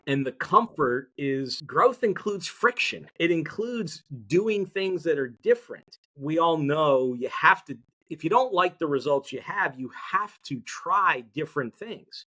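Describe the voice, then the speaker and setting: Upbeat male interview guest, expressive and slightly high-pitched, coaching tone. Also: measured pace, hardly any pauses. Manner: energetic, motivational, audience-engaging. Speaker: podcast guest, mindset educator. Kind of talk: conversational interview.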